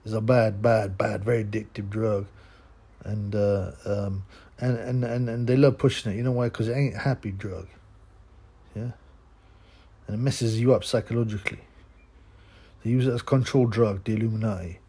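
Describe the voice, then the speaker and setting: A man's voice: fairly low pitch, fairly even intonation, normal speed, long pauses, mellow, slightly rough. A man hosting his own channel, delivering a crude, scornful ranting monologue and tagging his sentences with "man" and "yeah?". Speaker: channel host.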